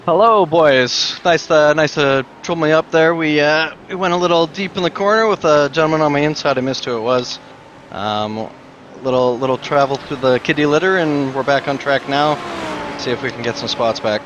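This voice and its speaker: A racing driver chatting to the commentators mid-race, relaxed and friendly. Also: male voice, fairly high pitch, normal speed. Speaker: racing driver interviewed live. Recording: dull lo-fi call with car noise.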